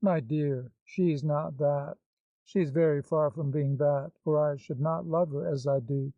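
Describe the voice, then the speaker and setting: A man's voice: fairly high pitch, fairly even intonation, measured pace, gravelly, no room sound. A man reading the part of an anxious, devoted older woman with a pleading, fretful manner, in a dull, dry recording.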